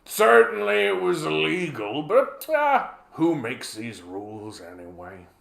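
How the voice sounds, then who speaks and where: A smug old warmonger brags in a folksy, self-satisfied drawl, as a man puts him on. The voice sits well above his speaking pitch and sounds set back from the mic, in a roomy space. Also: big pitch swings, unhurried, vocal fry, exaggerated voice. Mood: smug boasting. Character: smug older male hawk boasting of war crimes.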